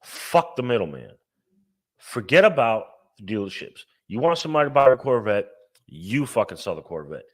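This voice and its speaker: A man's voice: fairly low pitch, very animated, normal speed. A man co-hosting a casual car podcast, ranting and swearing emphatically. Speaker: podcast co-host. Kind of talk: casual profane car chat.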